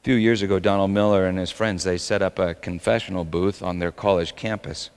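A man preaching a sermon as pastor, swinging between loud emphatic lines and quiet asides. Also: deep voice, steady tone, fairly quick, smooth, big-room sound.

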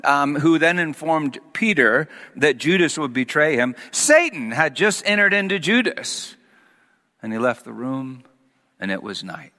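A man preaching a sermon, reading scripture slowly and then expounding it with growing animation. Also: fairly high pitch, big pitch swings, sharp tone, in a large hall. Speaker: pastor.

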